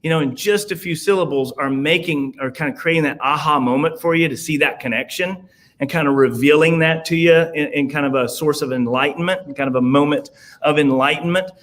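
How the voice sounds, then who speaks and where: Southern guy on a podcast, bit high-pitched, rambles with lots of um and you know. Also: brisk, fairly bright tone. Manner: rambling, many fillers and restarts. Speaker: podcast guest. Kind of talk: casual conversation.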